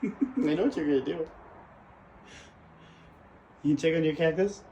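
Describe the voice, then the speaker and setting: A man on a patio talking to his cat in a soft, sing-song pet voice. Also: a little high, unhurried, dull audio, a little hiss or hum. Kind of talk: casual talk to a pet. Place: outdoor patio.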